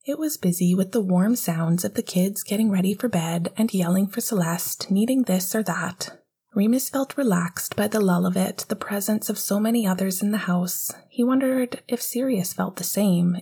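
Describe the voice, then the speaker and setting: A woman narrating an audiobook in a soft, half-whispered voice. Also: medium pitch, moderate pace, breathy edge.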